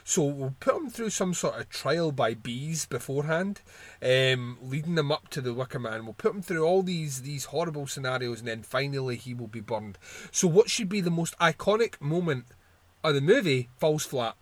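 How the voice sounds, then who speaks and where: A man hosting a podcast in casual chat, emphatic and profane as he riffs. His voice sits at a middle pitch and sounds close and dry. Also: animated, normal speed, no echo. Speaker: podcast host.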